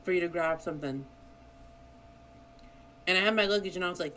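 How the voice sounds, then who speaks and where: A young man with a high voice, a streamer from Brazil whose first language is Portuguese. He tells a story in a loose, animated way and swears freely. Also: a little fast, pauses often, slight background noise, rough recording. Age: young adult. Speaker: vtuber streamer. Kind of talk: casual storytelling.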